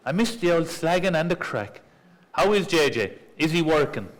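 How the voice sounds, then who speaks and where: Middle-aged Irish man, stage role, measured and reasoning, pitch rises and falls freely. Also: animated, poor audio. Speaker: club member reading a letter aloud. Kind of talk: stage play acting.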